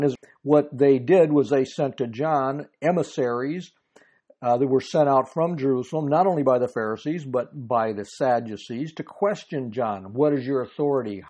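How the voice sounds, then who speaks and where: A man's voice: mid-range voice, a little mellow. A man giving a verse-by-verse Bible teaching, earnestly explaining passages and reading scripture aloud.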